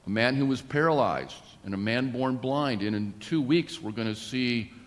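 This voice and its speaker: Guy preaching a sermon, deliberate, rises when he pushes a point, big reverby church sound. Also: mid-range voice, expressive.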